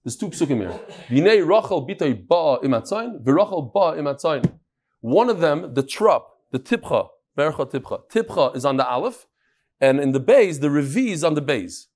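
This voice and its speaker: Animated man teaching a Talmud class. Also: a little high, normal speed. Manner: animated storytelling with Yiddish and Hebrew terms.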